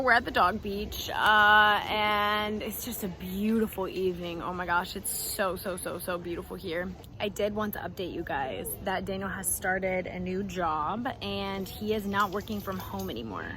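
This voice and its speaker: A woman's voice: medium pitch, fairly bright tone, a little hiss or hum. Bubbly young woman vlogging. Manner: chatty, bubbly, laughs often. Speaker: lifestyle vlogger. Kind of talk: casual vlog chat to camera. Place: home, then outdoors.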